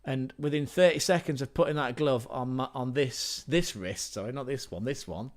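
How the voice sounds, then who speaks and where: An English livestream host speaks at normal speed and a medium pitch. His casual storytelling rambles along with free swearing, delivered in a plain, conversational middle register.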